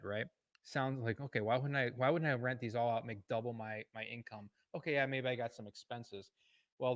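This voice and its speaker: A man's voice: medium pitch, a bit bright, no room sound. A man from Illinois giving a loose, conversational lesson on valuing property, with many fillers and self-corrections. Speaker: real estate educator. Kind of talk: casual teaching talk. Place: indoor room with a board.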